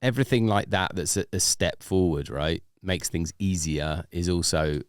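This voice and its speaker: A man's voice: deep voice, moderate pace, smooth, dry recording, clean studio sound. A man, a DJ guest, chatting casually on a podcast, rambling with lots of "like" and restarts.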